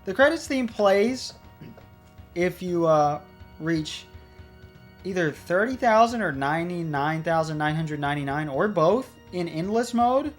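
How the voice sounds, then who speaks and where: A chatty let's play host talking through a puzzle game. The voice rambles casually with a lively, animated pitch. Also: unhurried, faint music behind. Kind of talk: casual gameplay commentary.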